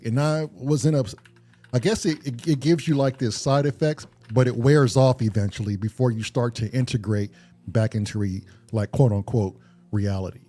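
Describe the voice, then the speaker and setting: A man's voice: mid-range voice, mellow. A man on a podcast talking earnestly and reflectively, swearing casually and often restarting his sentences. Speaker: podcast co-host.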